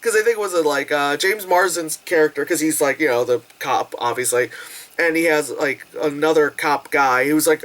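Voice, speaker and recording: Here a young woman in early adulthood talks through a film review with a low-pitched voice at a moderate pace. Her delivery is lively and giggly, full of swearing and squealed reenactments of quotes.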